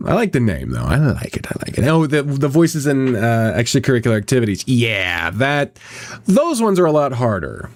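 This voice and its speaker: A man's voice: medium pitch, huge pitch swings, moderate pace. A man chatting casually on a live stream, rambling, swearing often and reacting to chat as a visual novel voice actor.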